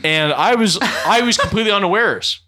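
A young man with a Southern American accent, chatting casually and telling animated, laughing stories. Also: high voice, fairly quick. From Southern United States. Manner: animated storyteller, laughs often. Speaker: podcast guest. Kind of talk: casual chat.

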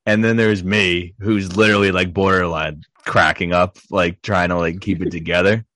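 A podcast co-host with a deep, fairly bright voice tells a story in a casual chat, sprinkling in many filler words, especially "like." His intonation is fairly even and his pace moderate, in a dry recording.

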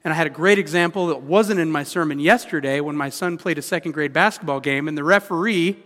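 A man's voice: a little high, fast talker, fairly bright tone. A man in his thirties preaching a sermon as pastor, conversational and full of rhetorical questions. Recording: long hall reverb.

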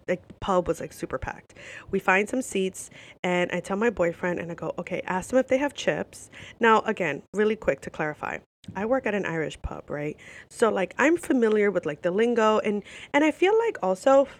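Young American woman vlogger, casual and animated storyteller, curses freely. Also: medium pitch. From United States. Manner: animated, swearing, lots of "like" fillers. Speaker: vlogger telling a travel story.

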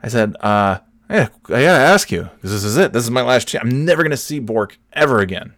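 A man hosting a podcast, telling a rambling, self-correcting story in casual chat and jumping up in pitch when he quotes people. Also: expressive, fairly quick, a bit bright, no echo, clean studio sound. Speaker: podcast host.

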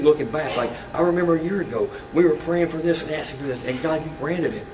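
Male pastor, sermon, relaxed and conversational, echoey room, mic a bit distant. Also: fairly high pitch, fast, few pauses, music in the background. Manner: conversational preaching with casual asides and humor.

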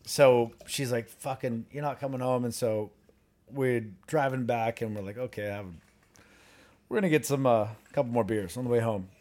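A man's voice: medium pitch, moderate pace, a little mellow. A man in his thirties, co-hosting a podcast, telling a story in casual chat, swearing heavily and laughing as he goes. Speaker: podcast co-host.

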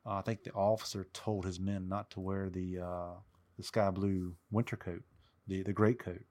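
A man's voice: low-pitched, flat delivery, moderate pace, a little mellow. A man on a casual podcast, rambling through history anecdotes with many fillers. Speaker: co-host, history buff.

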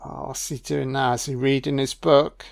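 A man talking through a film in a loose, chatty commentary. He swears constantly, laughs often and speaks at an ordinary, middling pitch. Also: flat delivery, normal speed, gravelly. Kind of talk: casual audio film commentary.

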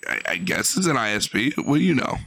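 A young adult man giving profane reaction commentary on a stream, mocking and animated. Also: mid-range voice, fast.

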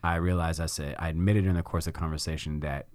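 A man's voice: low voice, fairly even intonation, quick pace, a little mellow, dry recording. A middle-aged man hosting a podcast, telling a personal story in casual conversation and acting out his own past reactions. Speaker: podcast host.

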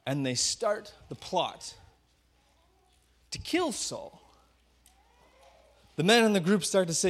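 A man preaching a storytelling sermon, pitched high and full of swooping ups and downs. He acts out the scenes and coaches the congregation to shout back lines. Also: slow pace, pauses often. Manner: animated, acts out the scenes in small voices. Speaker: pastor.

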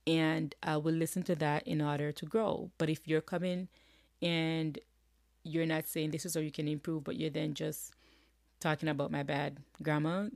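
With a low, creaky, slightly mellow voice, this Jamaican-accented podcast host from rural Jamaica delivers a casual monologue. Studio-quality audio, no room sound. She's frank and talkative and leans on tag questions a lot.

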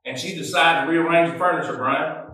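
Man, pastor, folksy sermon, slightly high voice, very echoey hall, off-mic. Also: fairly even intonation, a little fast, sharp tone, far from the mic. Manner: folksy storytelling with audience call-outs.

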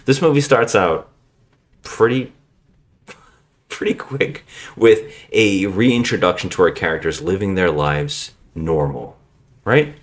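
Deep-voiced, lively male podcast host. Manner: jokey, quick banter. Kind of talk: casual chat.

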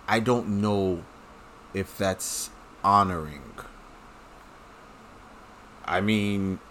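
A man's voice: fairly low pitch, bright, forceful tone, slight background noise. A man talking straight to his audience in a casual, blunt and profane rant, full of strong opinions. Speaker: commentator. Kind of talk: casual ranting monologue.

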